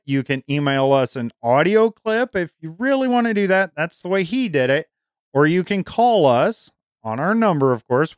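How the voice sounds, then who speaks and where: Middle-aged male podcast host, clear and lively, enthusiastic, dry close mic. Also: fairly high pitch, no room sound. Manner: enthusiastic, repeats words when starting sentences. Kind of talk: casual podcast chat.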